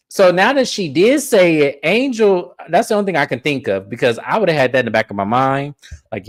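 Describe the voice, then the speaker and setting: A woman's voice: low-pitched, brisk. A woman giving a casual, profane recap of a reality TV episode, telling the story with energy and acting out cast members' lines. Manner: animated storytelling with swearing. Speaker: podcast co-host.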